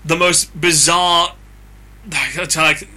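A man's voice: a little high, steady tone, slow, sharp tone. A man hosting an interview, rambling casually as he searches for words, with many fillers.

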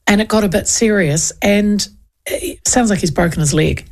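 A woman's voice: mid-range voice, normal speed, a little mellow. A woman with a New Zealand accent hosting talk radio, chatting in a rambling way and running through the news. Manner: rambling, chatty, with many restarts. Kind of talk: casual talk radio chat and news rundown.

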